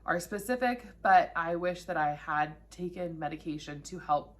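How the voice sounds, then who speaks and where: A woman's voice: lowish voice, animated, normal speed, a bit bright. A woman in her thirties telling her own story to camera in a candid, conversational way that is often emotional. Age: 30s. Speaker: vlogger sharing her own cancer story.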